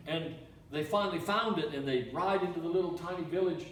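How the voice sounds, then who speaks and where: Storytelling preacher from Canada, a man with a fairly high voice, picked up from afar in a boomy room. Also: moderate pace. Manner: animated, repetitive storytelling with restarts. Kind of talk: sermon storytelling. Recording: echoey room, mic from far off.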